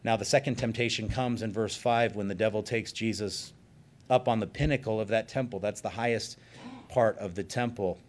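A man preaching a sermon in a conversational way, with joking asides and sudden shifts from soft remarks to emphatic bursts. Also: fairly low pitch, fairly even intonation, moderate pace. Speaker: pastor.

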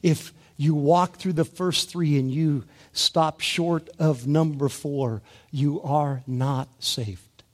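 A male preacher giving a sermon, moving between hushed, gentle passages and loud, rising emphasis, drawing out key words slowly. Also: fairly high pitch, fairly even intonation. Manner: slow, deliberate delivery with drawn-out key words.

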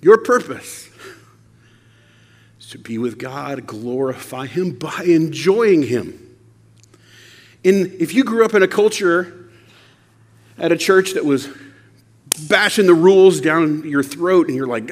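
Animated man preaching in a reverberant hall. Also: on the high side, slow, pauses often. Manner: animated, conversational, rhetorical questions. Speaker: pastor. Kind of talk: sermon.

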